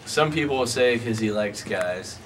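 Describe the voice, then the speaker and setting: A man's voice: mid-range voice, lively intonation, moderate pace. Profane young man telling a rambling story. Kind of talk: casual anecdote among friends. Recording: noisy amateur recording.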